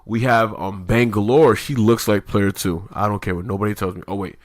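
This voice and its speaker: A man's voice: lowish voice, steady tone, a little fast, no room sound, studio quality. A man co-hosting a podcast in loose casual chat, rambling with lots of fillers and swearing. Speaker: podcast co-host.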